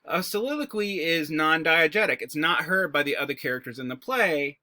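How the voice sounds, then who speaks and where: Bright, casual male English teacher. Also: fairly high pitch, animated, brisk, no room sound. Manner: explanatory, breaks words apart, casual asides. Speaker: high school English teacher. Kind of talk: recorded classroom lecture.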